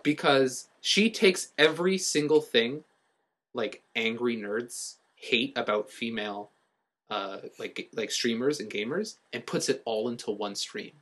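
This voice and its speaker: A young man in casual chat, telling a story in an animated way with frequent fillers. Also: mid-range voice, measured pace.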